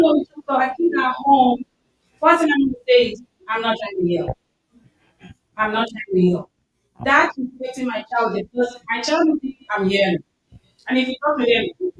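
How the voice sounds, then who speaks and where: Her voice sits high as she addresses a mosque gathering informally, a community speaker who is earnest, loud and emphatic and keeps repeating herself. The recording from the echoey mosque hall is muffled, with a distant mic and faint noise.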